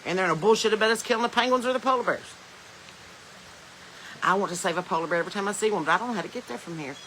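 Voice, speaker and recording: Racing along at a medium pitch, a somewhat bright-voiced Southern US woman hosts a casual live stream on her phone. She's a podcast host who rambles, laughs a lot, and reads viewer comments out loud. The smartphone audio is poor, with a little hiss or hum.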